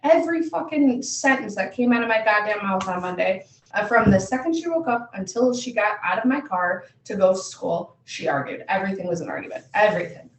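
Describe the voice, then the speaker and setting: A woman's voice: mid-range voice, fairly quick, roomy sound, distant mic. Blunt, swearing mother on a podcast. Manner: blunt, swears freely, animated retelling. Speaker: podcast co-host. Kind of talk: casual chat.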